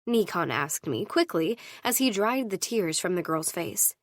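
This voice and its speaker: Woman narrating with a lively, swinging voice. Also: unhurried, no room sound, clean studio sound. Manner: voices each character with lively shifts in pitch. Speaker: audiobook narrator. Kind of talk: first-person audiobook narration.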